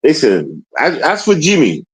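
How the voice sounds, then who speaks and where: A man's voice: fairly high pitch, wildly swooping pitch, unhurried, slightly rough, poor audio. A man livestreaming in a rambling, casual way, full of street slang and constant tag questions. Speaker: streamer. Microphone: streaming mic.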